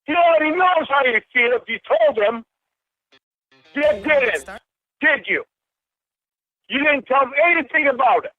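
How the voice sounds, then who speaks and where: Furious man shouting down a phone line. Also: very high voice, expressive, moderate pace, soft background music. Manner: furious, swearing, accusing. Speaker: caller. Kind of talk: angry phone confrontation.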